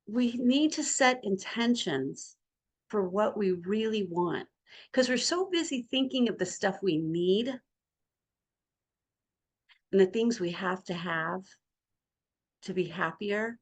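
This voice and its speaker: A woman's voice: medium pitch, animated, slow, pauses often. A middle-aged woman in a casual spiritual group talk, sharing a personal story in an earnest, rambling way. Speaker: group discussion participant.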